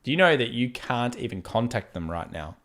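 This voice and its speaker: A man's voice: medium pitch, big pitch swings, brisk, a bit bright. A young Australian man with an Australian accent, hosting a casual live trading stream and chatting easily as he goes through charts and viewer questions. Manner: chatty, laid-back, laughs easily while reading chat. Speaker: trading livestream host. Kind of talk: casual live market commentary.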